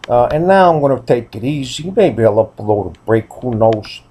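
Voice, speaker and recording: A man's voice: mid-range voice, lively intonation, moderate pace, mellow, husky. A man telling a rambling story to his viewers, blunt and profane, full of "you know" and "I mean.". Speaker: vlogger. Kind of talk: casual storytelling monologue.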